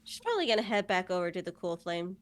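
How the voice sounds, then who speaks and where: A woman's voice: on the low side, very animated, fast. A woman playing a tabletop game, talking casually and sure of herself, in and out of character. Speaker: player. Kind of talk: tabletop role-play, in and out of character.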